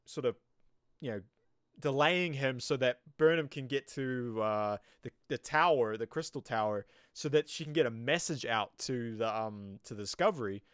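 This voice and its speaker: A man's voice: mid-range voice, animated, measured pace, fairly bright tone, smooth, no echo, studio quality. A young man with a New Zealand accent rambles casually through an episode review, full of fillers. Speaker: show reviewer.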